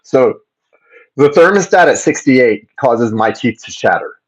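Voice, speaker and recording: A chatty man from Florida hosts a casual livestream from his home. He rambles along at a middling pitch, restarts and repeats his words, and calls out to viewers by name. The sound is a little dull, like plain livestream audio. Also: animated, a little slow, husky. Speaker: tarot reader hosting a livestream. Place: home, indoors.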